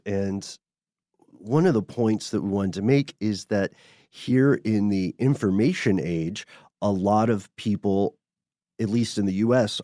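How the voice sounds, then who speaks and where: A man's voice: lowish voice, no echo, clean studio sound. A man co-hosting a podcast, casually reading listener letters aloud and chatting, from the US South. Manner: relaxed, reads letters aloud with chuckles. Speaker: podcast co-host.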